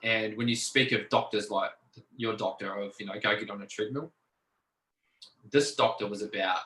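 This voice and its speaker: A man's voice: on the low side, steady tone, moderate pace, bright, forceful tone, roomy sound, poor audio. A man telling his story bluntly in an interview, swearing freely and acting out the people he quotes. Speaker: podcast guest.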